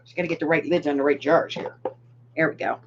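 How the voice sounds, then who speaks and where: A woman's voice: sits low, steady tone, fast. A woman with a sore throat chatting casually with viewers while packing bags for her craft shop, laughing often. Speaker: craft shop owner and vlogger. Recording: dull lo-fi sound with faint hiss.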